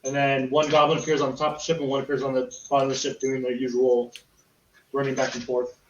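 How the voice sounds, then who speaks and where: A man's voice: mid-range voice, flat delivery, quick pace, roomy sound, far from the mic, dull audio, slight background noise. A man narrating a tabletop game as game master, describing scenes in a plain way.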